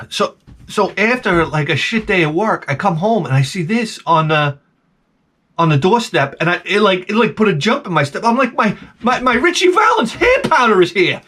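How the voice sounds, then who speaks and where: Older male vlogger, high and very expressive, salty comic storyteller. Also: normal speed. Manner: animated, profane, acts out his own reactions. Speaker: vlog host.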